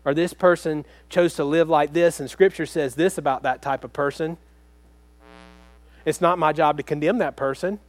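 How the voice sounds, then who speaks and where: Earnest male pastor preaching, fairly high voice. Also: fairly even intonation, normal speed, dry recording. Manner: earnest, conversational preaching with direct questions to the congregation. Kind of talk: sermon.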